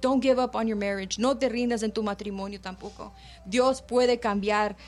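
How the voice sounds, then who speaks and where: A woman preaches on a radio ministry program in a fervent, conversational way, moving between English and Spanish. Her voice sits a little high, and soft music plays faintly behind her. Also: fairly even intonation, brisk. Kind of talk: bilingual preaching and encouragement.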